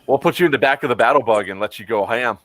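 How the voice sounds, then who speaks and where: A man's voice: mid-range voice, racing, fairly bright tone. A man hosting a casual chat stream who rambles and fills his talk with frequent ums. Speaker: stream host.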